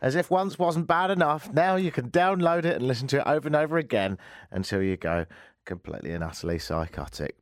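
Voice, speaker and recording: A man's voice: medium pitch, no room sound. A man hosting a radio talk show, talking casually with a wry, sarcastic edge. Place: radio studio. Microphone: studio microphone.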